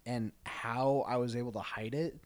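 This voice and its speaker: A man's voice: mid-range voice, fairly even intonation, normal speed, dry recording. A man co-hosting a podcast who reacts to stories and chats casually, swearing freely. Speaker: podcast co-host.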